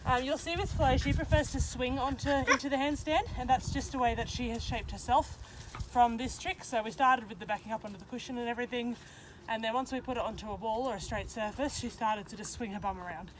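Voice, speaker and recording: Her voice sits on the high side and moves fairly quickly as she gives casual instructions during a dog training session. Chatty throughout, she pauses to praise her dogs and uses beeping cues, all captured in a noisy outdoor recording.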